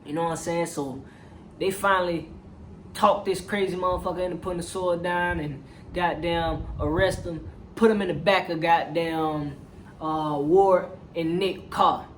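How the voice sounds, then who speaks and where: A movie reviewer giving a casual, animated recap, profane and slang-heavy, with constant check-ins to the audience. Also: medium pitch, a little slow, slight background noise.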